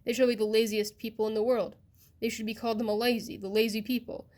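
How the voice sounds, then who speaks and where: A woman voicing a stern, ancient male magician in a storybook reading, speaking in a grave, measured way. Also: a little high, little pitch movement, darkish tone, close to an everyday voice.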